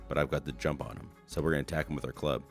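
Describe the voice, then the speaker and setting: A man's voice: very deep voice, steady tone, rapid-fire, soft background music. A man streaming an old online game, reading its text aloud with wry, playful remarks. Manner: wry, playful, reads quotes in funny voices.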